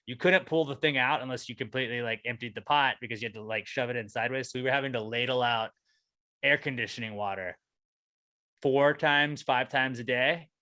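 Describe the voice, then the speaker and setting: A man co-hosting a podcast, telling a long profane rant about his apartment that keeps climbing in pitch when he gets angry. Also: brisk, bright, forceful tone, dry recording. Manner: ranting, profane storytelling, voice rising when angry. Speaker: podcast co-host. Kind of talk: casual chat.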